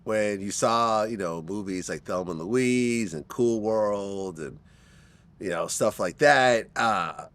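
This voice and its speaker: A man's voice: on the low side, slow, fairly bright tone. A man hosting an interview in a conversational way, asking probing questions. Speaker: interview host. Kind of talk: casual interview chat.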